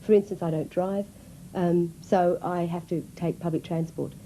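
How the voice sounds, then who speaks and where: A comedic actress, speaking in an interview in a reflective, self-deprecating way. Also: female voice, on the low side, fairly even intonation, moderate pace, mellow, slight background noise, low-quality recording.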